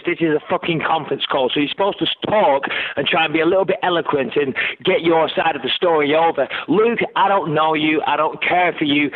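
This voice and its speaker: A fighter on a press conference call, blunt, profane and combative, heard over a tinny phone line. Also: male voice, on the high side.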